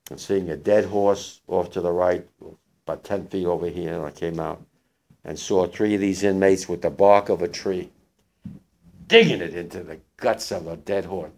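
An older man, a war veteran, gives spoken testimony to young listeners, halting and emotional with many restarts. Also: sits low, steady tone, a little mellow.

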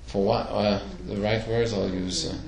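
A man's voice: fairly low pitch, level tone, moderate pace, creaky, darkish tone, reverberant, slight background noise. A man leading a casual religious study class, asking the group questions as he explains. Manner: questioning, conversational, asks the class. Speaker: class teacher.

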